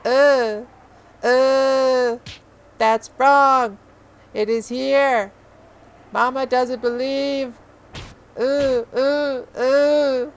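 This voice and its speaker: A man's voice: very high voice, steady tone, slight background noise, pitched above the performer's own voice, heavily acted. A man putting on a whimpering little girl. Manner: repeats a whiny "uu, uu" sound; very slow, halting delivery. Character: strange little girl, whimpering, stubborn, childlike. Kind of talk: reading a visual novel aloud.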